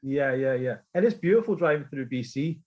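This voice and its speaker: A man's voice: medium pitch, a little fast, highs cut off. A man telling a story in casual chat, acting out quotes and swearing freely. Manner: animated, swearing, acts out quotes. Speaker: podcast guest.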